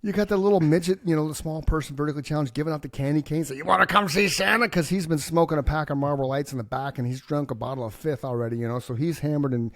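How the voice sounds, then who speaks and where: A fast, animated man tells a long profane comic rant as a podcast co-host, slipping into little acted-out voices along the way. His voice sits a little high and comes across quick and excited. The sound is dry and close, with no room echo. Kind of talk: casual chat.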